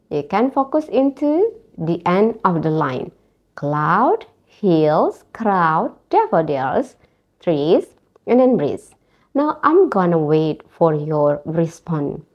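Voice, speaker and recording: Lively lecturing woman, lo-fi sound. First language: Indonesian. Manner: lively, rising pitch on questions, frequent "right?" checks. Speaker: university lecturer. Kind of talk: recorded online lecture. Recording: dull, lo-fi recording.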